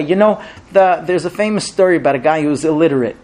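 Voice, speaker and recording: A man teaching a religious class to a live audience, telling stories and acting out the characters with big jumps in his voice. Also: fast talker. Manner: animated storyteller, acts out characters with big pitch jumps. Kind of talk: Torah class with told stories.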